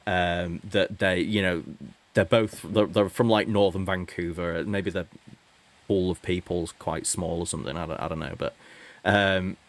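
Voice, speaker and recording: A man's voice: deep voice, steady tone, unhurried. A man co-hosting a hockey podcast, talking casually and rambling with many restarts. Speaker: podcast co-host.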